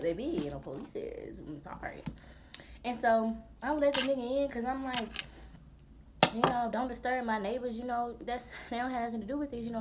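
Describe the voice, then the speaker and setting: A woman in her twenties, a vlogger telling a storytime in a blunt, profane, animated way full of slang. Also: fairly high pitch, background noise. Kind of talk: storytime vlog.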